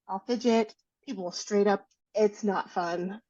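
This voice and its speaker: A woman's voice: medium pitch, measured pace, warm tone, no room sound, dull audio. A woman co-hosting a podcast, telling candid self-deprecating stories in casual chat. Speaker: podcast co-host.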